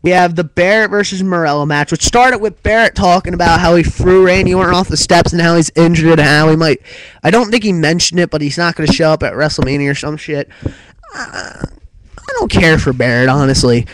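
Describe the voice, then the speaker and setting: A man with a fairly high voice for his sex talks through a recap in casual chat. His delivery is loose and rambling, stacked with "like" and "um" and the odd curse word. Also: fairly quick, noisy background. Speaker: co-host of a wrestling talk show.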